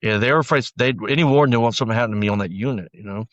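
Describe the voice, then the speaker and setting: A man's voice: medium pitch, very fast, no room sound, dull audio. A man as a podcast guest, telling his story bluntly in a rambling, casual way with lots of fillers. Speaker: podcast guest, former sheriff's deputy.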